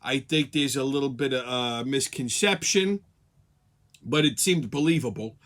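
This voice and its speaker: A man's voice: mid-range voice, moderate pace, fairly bright tone. A man hosting a weekly show, ranting sarcastically and profanely. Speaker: host. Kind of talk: profane comedic rant.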